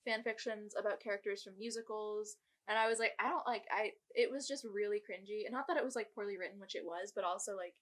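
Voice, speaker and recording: A woman's voice: medium pitch, fast talker, fairly bright tone. A woman in her twenties co-hosting a podcast, talking bluntly and casually, with lots of "like" fillers. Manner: blunt, chatty, filler-heavy. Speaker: podcast co-host. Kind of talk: casual chat.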